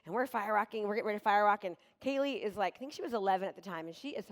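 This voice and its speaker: A woman real estate coach giving a motivational seminar talk to a live audience in a large room, telling stories in an animated, energetic way. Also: medium pitch, racing. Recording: long hall reverb from a live venue.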